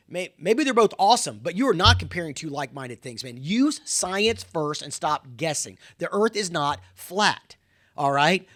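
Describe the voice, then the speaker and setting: Man, fired-up education commentator, high and lively voice, emphatic and repetitive. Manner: fired-up, emphatic, repeats words and says "man" and "wake up". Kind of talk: impassioned monologue to camera.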